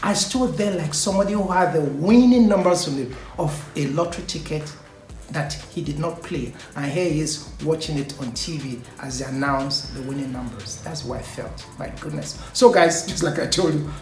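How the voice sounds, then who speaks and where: A man hosting his own vlog, telling a personal story in a casual, animated way, laughing often and trailing off with "you know". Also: on the high side, moderate pace. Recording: echoey room, faint music.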